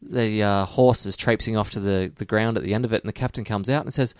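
An Australian man co-hosting a casual podcast, telling jokes with big swings of pitch. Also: fairly even intonation, fast, clear, resonant tone, no room sound, studio quality. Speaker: podcast co-host.

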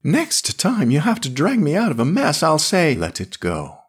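A man voicing an excitable young male space adventurer in a raised, urgent voice. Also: on the high side, moderate pace, slightly rough, pitched above the performer's own voice, exaggerated voice. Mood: excited.

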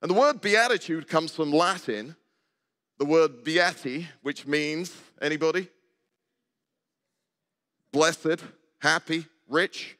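A man's voice: fairly high pitch, takes it slowly, pauses often, pushed and bright. Older man preaching in a reverberant church. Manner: conversational, asks the congregation questions and jokes. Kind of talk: sermon. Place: church sanctuary. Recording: long hall reverb.

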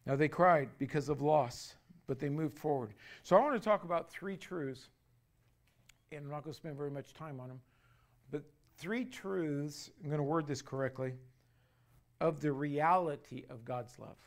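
A man with a fairly high voice preaches a sermon to his congregation, his volume rising and falling as he leans hard on key phrases. He stretches out important words slowly and has the people repeat lines back to him. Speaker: pastor.

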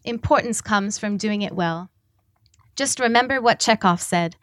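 A woman reading aloud as a very old, frail man who speaks tenderly and teases gently. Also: medium pitch, unhurried, no echo, studio quality, natural voice. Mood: wry.

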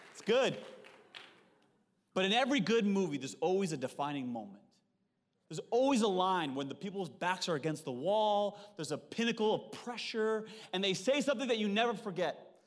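Lively, high-voiced man preaching. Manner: animated, joking, acts out movie lines. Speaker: pastor. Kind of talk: sermon with movie references.

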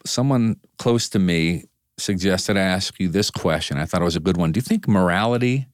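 Low-voiced attentive male interviewer. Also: moderate pace, no echo. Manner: attentive, frequent brief affirmations. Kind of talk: conversational interview.

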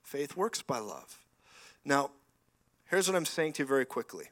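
Guy preaching to a church crowd, bright punchy voice, gets folks to repeat after him. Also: medium pitch, moderate pace. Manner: call-and-response, has congregation repeat phrases; animated storytelling with laughter. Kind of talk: sermon. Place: church hall with live congregation.

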